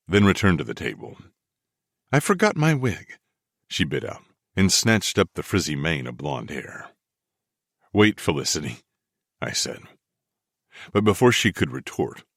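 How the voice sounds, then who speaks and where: Male audiobook narrator, low and expressive, dry close sound. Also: dry recording. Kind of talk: first-person romance audiobook narration.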